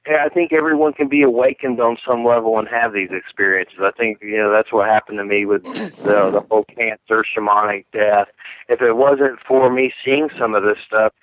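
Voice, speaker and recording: A man's voice: lowish voice, dry recording. Male phone-in guest, earnest and rambling, tinny dry phone line. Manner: earnest, rambling, many fillers. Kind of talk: casual radio interview.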